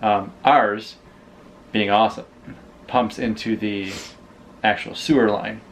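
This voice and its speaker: A man co-hosting a casual vlog chat, rambling and halting as he explains things. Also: fairly low pitch, fairly even intonation, slight background noise. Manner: rambling, halting, many restarts. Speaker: vlog co-host.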